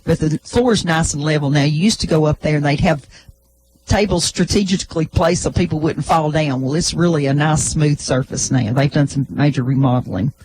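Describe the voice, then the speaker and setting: A man's voice: fairly high pitch, brisk, a little mellow, slight background noise, poor audio. A man co-hosting a local radio show and chatting casually through community announcements. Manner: folksy, easygoing community announcements.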